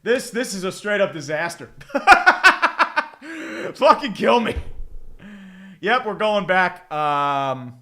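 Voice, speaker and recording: A man with a fairly high voice calls a game live on a stream, piling on sarcasm and curses as his team struggles. He drifts through filler words and repeated groans. His tone is bright and forceful. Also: lively intonation, measured pace. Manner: exasperated, sarcastic, swears often. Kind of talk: live game watch-along commentary.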